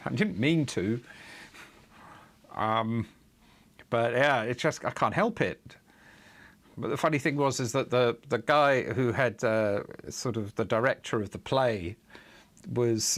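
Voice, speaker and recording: A middle-aged man streams himself coding live, speaking slowly in a medium pitch and pausing often. His casual chat rambles, full of chuckles, fillers and restarts, and he mutters in exasperation while debugging.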